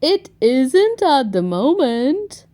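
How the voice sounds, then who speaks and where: A woman's voice: high-pitched, very animated, slow, mellow, exaggerated voice. A woman voicing a playful, jolly old grandfather pig in a storybook read-aloud.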